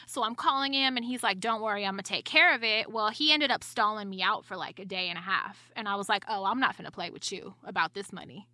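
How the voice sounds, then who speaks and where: Bright-voiced profane woman storyteller. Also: medium pitch, quick pace, hardly any pauses, dry recording. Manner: blunt, profane, laughs through her story. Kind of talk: casual storytelling chat.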